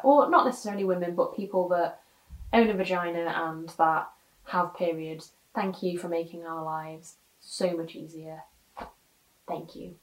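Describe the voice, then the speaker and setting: Woman reviewer, candid and heartfelt, with fillers; recorded with a distant mic in a reverberant room. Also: fairly low pitch. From United Kingdom. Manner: frank, earnest, many ums, gets emotional. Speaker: podcast guest reviewer. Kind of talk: personal product review monologue. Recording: roomy echo, distant mic.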